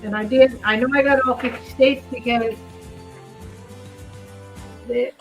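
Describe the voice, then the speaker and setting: A woman's voice: on the high side, steady tone, measured pace, faint music behind, poor audio. A woman hosting a home vlog, chatting casually and reading official text aloud, often drifting off to react to what she reads. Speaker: channel host. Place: home in a residential cul-de-sac.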